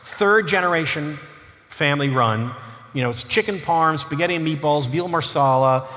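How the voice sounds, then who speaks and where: A man giving a humorous storytelling lecture as an author, with animated delivery, chuckling asides and frequent "you know"s. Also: a little high, normal speed. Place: large lecture hall. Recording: long hall reverb, faint noise.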